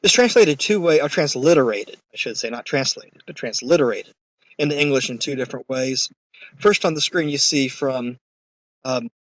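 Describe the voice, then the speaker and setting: A man's voice: mid-range voice, no room sound, lo-fi sound. Conversational male lecturer. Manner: conversational, emphatic, with fillers. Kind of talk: recorded course lecture.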